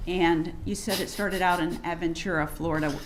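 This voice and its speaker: A woman defense attorney in a courtroom, questioning a witness in a measured way with frequent fillers. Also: lowish voice, steady tone, background noise. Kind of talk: courtroom direct examination.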